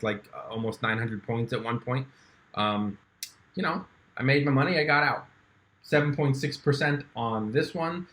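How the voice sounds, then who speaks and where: This young man has a mid-range, fairly bright voice and runs through his stock trades in a casual screen-share walkthrough for his YouTube channel. He's chatty, often using fillers and restarting his sentences.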